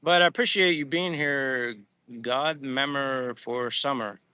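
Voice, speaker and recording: A man's voice: medium pitch, measured pace, bright, forceful tone, clean tone, dry recording. An older man from Pennsylvania, livestreaming outdoors in the heat, chatting casually and rambling with lots of fillers as he reads out viewer comments. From Pennsylvania, USA. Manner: rambling, friendly, frequent fillers and restarts. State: sweating in the heat. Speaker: livestream vlogger reading chat. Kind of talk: casual live chat while walking. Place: outdoors under trees in the heat.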